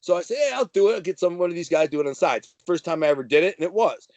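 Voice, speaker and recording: A man's voice: sits high, expressive, very fast, darkish tone, dry recording, lo-fi sound. A man telling a wild story in casual, brash, slangy talk. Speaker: guest telling prison-life stories.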